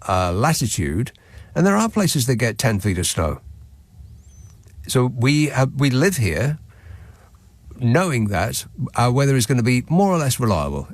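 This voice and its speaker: A man's voice: medium pitch, dry recording. A man hosting a late-night radio phone-in, reading texts with sardonic, dry asides. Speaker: radio talk show host. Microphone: studio microphone.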